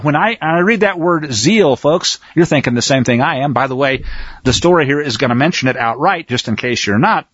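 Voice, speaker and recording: A man's voice: a little high, breathy edge, no room sound, highs cut off. Fiery folksy preacher man. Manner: folksy and fiery, dramatic loud readings. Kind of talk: sermon reading and commenting on scripture.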